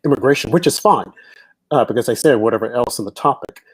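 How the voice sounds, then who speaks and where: A man's voice: medium pitch, fast, husky. An American man hosting a casual discussion, giving his views in an opinionated, emphatic way. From United States.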